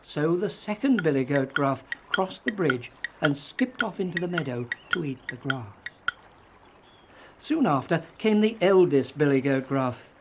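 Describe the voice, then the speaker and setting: Slow, gentle storybook narrator. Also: medium pitch, animated, background noise. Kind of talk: scripted children's story narration.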